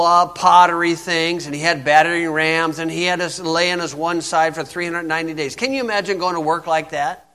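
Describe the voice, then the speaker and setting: A man's voice: high voice, pushed and bright. A man preaching an informal sermon in a folksy, blunt way, often asking "okay?".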